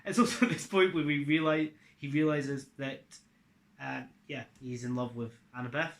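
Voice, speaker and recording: A video creator with a medium-pitched, steady voice talks at a moderate pace in an echoey room. He summarizes his own adaptation of a series loosely and offhandedly, with fillers and the occasional swear.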